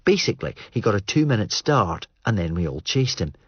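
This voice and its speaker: A man narrating an audiobook in a measured, understated way. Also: fairly low pitch, big pitch swings, husky, no room sound. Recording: muffled dry studio read.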